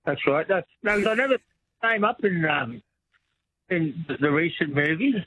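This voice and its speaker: A man's voice: on the high side, lively intonation, moderate pace, bright, forceful tone, a little hiss or hum, rough recording. A man calling in to a radio quiz, answering with hesitant talk and repeated words. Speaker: caller. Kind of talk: casual phone-in chat. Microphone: telephone.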